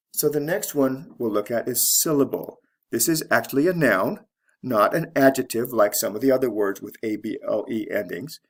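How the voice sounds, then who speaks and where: A man teaching English pronunciation, explaining word stress slowly and deliberately and spelling out letters one by one. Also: medium pitch. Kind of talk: slow instructional explanation.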